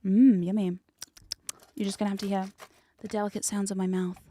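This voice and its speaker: A woman streaming hypnosis content, chatting casually and teasingly with her live chat, sometimes dropping into soft whispers. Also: mid-range voice, completely flat delivery, fast, slight background noise. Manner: playful, teasing, rambling, drops into soft whispers. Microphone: studio condenser mic.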